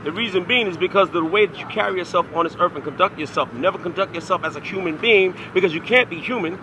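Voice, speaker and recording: A man preaching on a city street outdoors, combative and lecturing, often raising his voice to a shout. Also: high voice, fast, noisy background.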